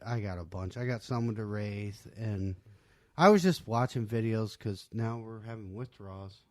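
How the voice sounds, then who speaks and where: A man's voice: on the low side, steady tone, normal speed, no echo, clean studio sound. A man hosting a podcast, chatting casually and telling stories in a laid-back way. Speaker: podcast host. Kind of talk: casual chat.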